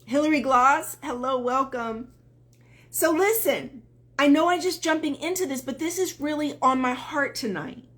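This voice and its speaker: A woman's voice: high voice, normal speed, fairly bright tone. A woman dating coach talking on a live stream, earnest and emphatic, greeting viewers as they join.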